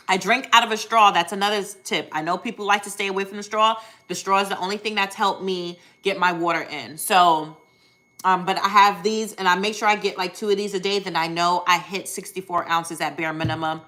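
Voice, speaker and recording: Bright-voiced chatty woman on a live stream. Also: medium pitch, fairly even intonation, fairly quick. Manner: chatty, upbeat, frequent ums and self-corrections. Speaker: weight loss surgery vlogger hosting a live stream. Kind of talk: casual live-stream chat answering viewers.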